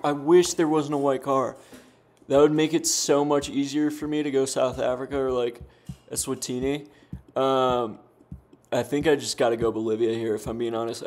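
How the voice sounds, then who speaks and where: A man's voice: mid-range voice, darkish tone. Frustrated swearing young man gaming. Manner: frustrated, swearing, rambling with fillers. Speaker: gaming streamer. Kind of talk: casual commentary while playing.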